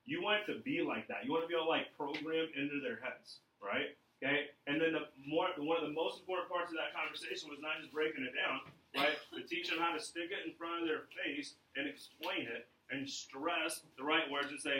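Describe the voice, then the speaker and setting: Energetic male sales trainer in an echoey room. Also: fairly high pitch, brisk, few pauses, distant mic, a little hiss or hum. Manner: energetic, coaching, checks in often with "right?".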